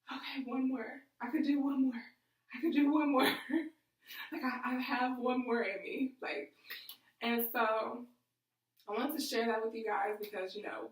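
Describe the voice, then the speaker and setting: A fairly high-voiced woman speaks to her viewers in a candid, rambling way, leaning on fillers as she goes. The sound is roomy and echoey, and she sits back from the microphone. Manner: emotional, rambling, many fillers like "like" and "you know". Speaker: vlogger. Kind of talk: candid personal storytelling to camera. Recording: echoey room, voice from a distance.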